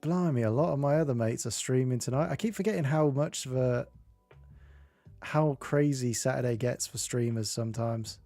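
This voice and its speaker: A man's voice: medium pitch, normal speed, mellow, dry recording. A man chatting casually with viewers at the start of a live stream, greeting them by name and rambling a little. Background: faint game music.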